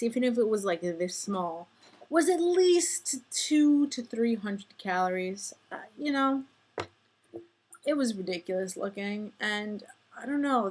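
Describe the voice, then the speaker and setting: A woman in her twenties talking casually to her viewers in a rambling, self-deprecating vlog monologue. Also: medium pitch. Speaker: vlogger.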